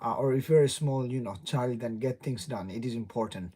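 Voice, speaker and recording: A man's voice: mid-range voice, a little fast, dark tone, slightly rough. A young man with a non-native English accent, hosting a rambling, casual livestream chat, laughing often and greeting viewers. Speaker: livestream host. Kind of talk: casual live stream chat.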